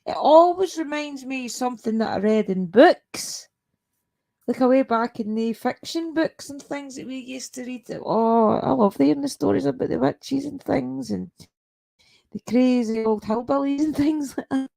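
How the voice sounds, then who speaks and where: A woman's voice: high voice, normal speed, creaky, dark tone. A Scottish woman hosting a paranormal live stream from home at night, chatting casually with her viewers, laughing often and greeting them by name.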